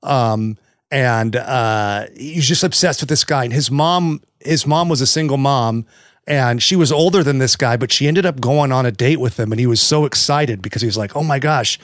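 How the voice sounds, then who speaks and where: A man's voice: medium pitch, normal speed, dry recording, clean studio sound. A man co-hosting a podcast, telling stories in a rambling, joking way. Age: young adult. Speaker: podcast co-host. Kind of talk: casual podcast chat.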